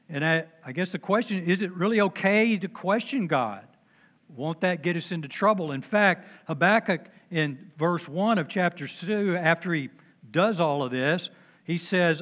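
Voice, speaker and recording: Older male pastor, dull lo-fi recording. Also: on the high side. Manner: conversational, with joking asides. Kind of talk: sermon.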